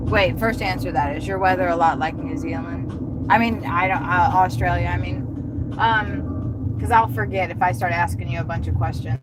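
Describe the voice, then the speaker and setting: A woman's voice: on the low side, moderate pace. A woman, chatting casually with livestream viewers while driving deliveries, swearing freely, her voice a little strained. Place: inside a car. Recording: loud car road noise behind.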